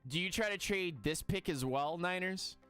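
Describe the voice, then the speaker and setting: A man hosting a live stream, reacting excitably and talking to his chat in casual commentary. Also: high voice, moderate pace, clean tone, faint music behind.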